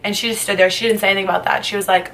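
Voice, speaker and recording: A woman's voice: medium pitch, steady tone, rapid-fire, fairly bright tone, a little hiss or hum. A young woman vlogger telling a storytime tale in a chatty way, full of "like" fillers and casual swearing. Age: young adult. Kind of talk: storytime vlog.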